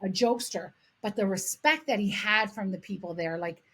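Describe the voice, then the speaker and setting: A middle-aged woman from Canada co-hosting a podcast, telling animated stories in casual chat and swearing freely. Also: mid-range voice, moderate pace, breathy edge. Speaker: podcast co-host.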